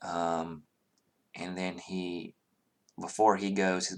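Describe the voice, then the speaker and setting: Casting: game master, man from the Southern US, halting narration, soft-spoken. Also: low-pitched, flat delivery. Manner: halting, many fillers.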